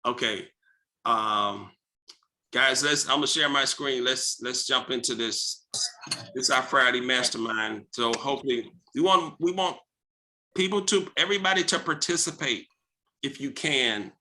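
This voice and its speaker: A man hosting a team video call, giving an energetic motivational coaching talk and coaxing the group with questions. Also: mid-range voice, moderate pace.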